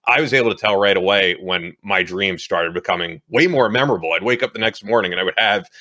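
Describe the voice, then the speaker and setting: A man's voice: lowish voice, fast, bright, forceful tone. A man hosting a podcast in casual chat, easygoing, laughing often and filling his talk with "like". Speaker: podcast host. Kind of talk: casual chat and host-read ad.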